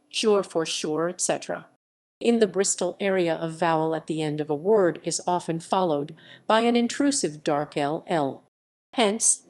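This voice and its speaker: A woman narrating an encyclopedia article in an even, mechanical reading that speaks out symbols literally. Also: lowish voice.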